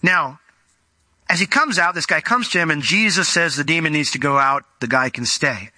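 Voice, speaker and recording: A man preaching an animated teaching sermon, with a very bright and forceful tone in a slightly higher register. He explains the meaning of words and asks the listener rhetorical questions. The recording is dry and close, with no room echo. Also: moderate pace. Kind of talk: expository sermon.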